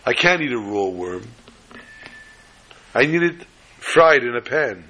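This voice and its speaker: A man's voice: mid-range voice, very animated, slow, bright, forceful tone, full character voice, low-quality recording. A man voicing a fussy, demanding little boy who refuses to eat, in a whiny, stubborn tone.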